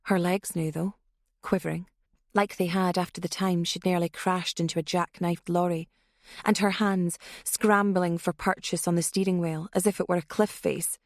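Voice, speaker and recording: A woman reading a thriller audiobook in steady scripted narration. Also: fairly low pitch, moderate pace, dry recording, clean studio sound.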